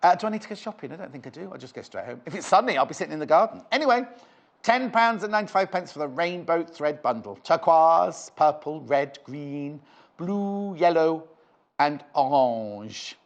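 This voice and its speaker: This fabric seller on live TV has a slightly high, creaky voice that's very animated and runs at a normal speed. The sound is lo-fi, and he rambles playfully between quoting prices in the studio.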